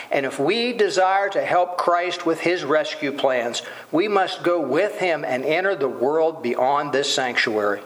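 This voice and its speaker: A man's voice: fairly high pitch, a bit bright, low-quality recording. A man preaching a sermon, asking rhetorical questions and voicing quoted lines dramatically.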